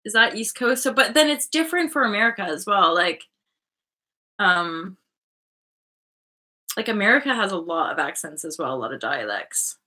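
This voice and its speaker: A woman's voice: medium pitch, big pitch swings, normal speed, long pauses, pushed and bright. A Canadian woman in her thirties hosting a spiritual web show, talking in a loose, rambling livestream chat and often restarting her sentences.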